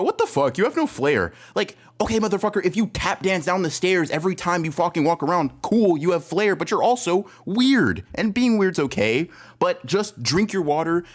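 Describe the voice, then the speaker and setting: Exasperated ranting man, lively pitch. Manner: heated, exasperated ranting with heavy swearing. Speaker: podcast co-host. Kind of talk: casual chat.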